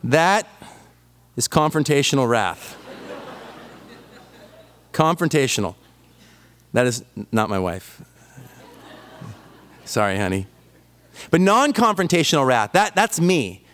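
A man's voice: medium pitch, sing-song, slow pace, long pauses, a bit bright. A man preaching a sermon, telling stories with self-deprecating humor. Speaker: pastor.

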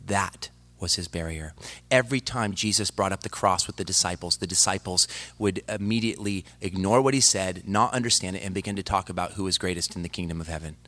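A male preacher delivering a dramatic sermon that swings from loud to hushed and speaks straight to the congregation. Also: on the low side. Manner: addresses the congregation directly.

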